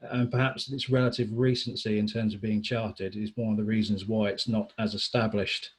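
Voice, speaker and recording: A man giving a webinar talk on procurement, in a flat, dry manner with wry asides. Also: fairly low pitch, a little fast, slightly rough, poor audio. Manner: self-described monotone, dry wry asides. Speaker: procurement consultant and speaker.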